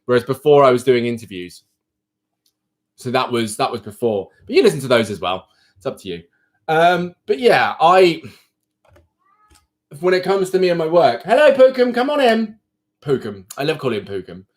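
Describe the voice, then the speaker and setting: A man's voice: medium pitch, very animated, normal speed, pauses often. A man who coaches people, hosting a live stream and frankly ranting straight to his viewers in casual chat.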